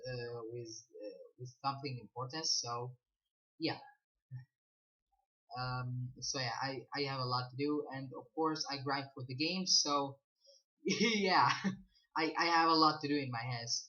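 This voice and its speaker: Brief: male gaming vlogger, bright forceful voice, rambling casual review, muffled lo-fi mic. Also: fairly high pitch. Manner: rambling, repeats "so yeah" and "believe me"; reads game stats aloud, stumbling over numbers. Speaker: gaming channel host. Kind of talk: casual game review commentary.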